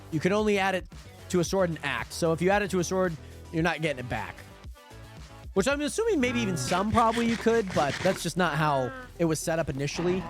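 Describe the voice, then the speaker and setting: A young man live-streaming a game, chatting casually and rambling with lots of fillers while greeting viewers by name. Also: high-pitched. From Pacific Northwest.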